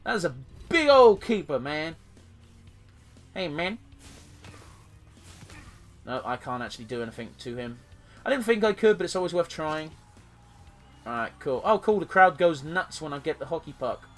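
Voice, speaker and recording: Male let's-play host, slightly high voice, loose and sweary, faint music underneath. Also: animated, moderate pace, long pauses. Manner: sweary, rambling, jokey. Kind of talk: gameplay commentary.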